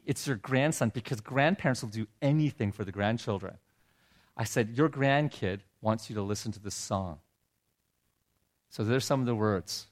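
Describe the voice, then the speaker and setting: A middle-aged man telling a heartfelt personal story in a sermon, his voice dropping low and soft when he is moved. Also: normal speed. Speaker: preacher. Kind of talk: sermon testimony.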